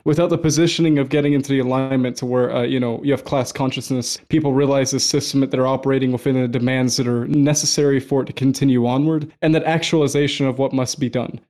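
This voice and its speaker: A man's voice: mid-range voice, steady tone, fast talker, hardly any pauses, warm tone. A male podcast co-host with a mid-range voice. He rambles through his points, hedging with fillers as he goes. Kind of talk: casual podcast discussion.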